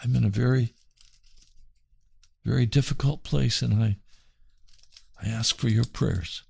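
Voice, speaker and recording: Radio pastor: a man with a gravelly, dry-sounding voice, earnest and pleading, speaking as in a sermon. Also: mid-range voice, unhurried, a little mellow, no echo. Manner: earnest, pleading, repeats phrases.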